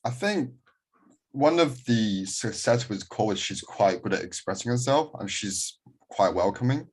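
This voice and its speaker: Low-voiced man interviewing casually. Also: animated, a little slow, breathy edge. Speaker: interviewer, weightlifting journalist.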